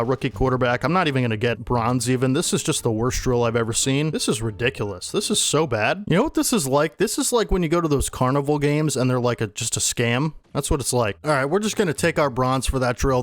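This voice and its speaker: Excitable young man commentating gameplay. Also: mid-range voice. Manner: excitable, talks trash to the game. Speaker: gaming YouTuber.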